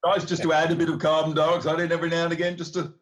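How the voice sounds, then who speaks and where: A man's voice: on the high side, completely flat delivery, very fast, lo-fi sound. A man in a podcast chat, wry and teasing. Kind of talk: casual chat.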